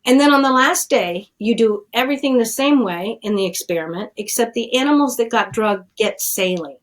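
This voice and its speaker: A woman's voice: a little high, lively intonation, moderate pace, low-quality recording. Middle-aged woman guest, earnest and plainspoken storyteller. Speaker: addiction scientist, guest. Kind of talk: conversational storytelling.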